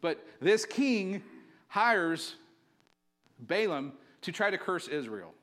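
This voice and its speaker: A man's voice: high-pitched, very animated, slow pace, a bit bright. A male pastor preaching a sermon, telling the story casually and with energy, filling it with likes.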